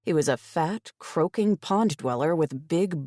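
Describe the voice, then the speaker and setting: Wry, expressive woman narrator for a first-person fantasy audiobook, close and dry. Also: low voice, measured pace, hardly any pauses, no room sound.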